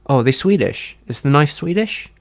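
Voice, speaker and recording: A man's voice: on the high side, expressive, normal speed. A man chatting casually on a livestream, answering his chat in a rambling, hesitant way with many fillers and restarts.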